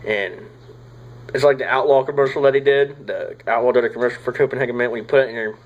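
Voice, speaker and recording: A young man, rambling casually through a product review, swearing often and filling pauses with "uh" and "like.". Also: mid-range voice, steady tone, dull audio. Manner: rambling, profane, drawling with frequent fillers. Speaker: tobacco reviewer.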